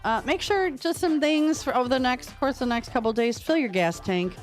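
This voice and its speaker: A woman's voice: sits high, fairly quick, faint music behind. A woman co-hosting a morning radio show in a studio, chatting and telling playful little stories. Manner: playful storytelling, chatty and animated. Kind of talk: casual morning radio chat. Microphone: studio microphone.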